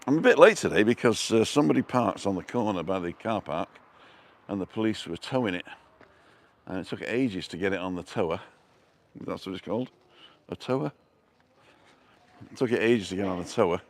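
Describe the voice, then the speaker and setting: A man's voice: on the low side, expressive, brisk, pauses often. A middle-aged man live-streaming a walking tour outdoors, chatting and greeting viewers by name from a handheld phone. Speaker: vlogger. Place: outdoors on town streets.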